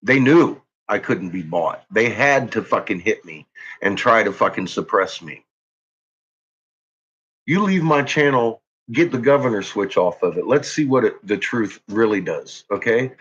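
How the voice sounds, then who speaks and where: A man hosting his own channel rants angrily into the camera, jittery and tense, with profane, threatening outbursts. His voice is fairly low, slightly rough and fairly bright, with lively intonation and a slightly slow pace. The lo-fi recording sounds dull.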